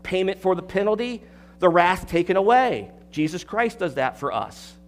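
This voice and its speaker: A man with a high voice preaches from the pulpit in an expository sermon. He is emphatic, circles back on his words and keeps asking the congregation questions. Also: very animated, normal speed, a little hiss or hum. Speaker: pastor.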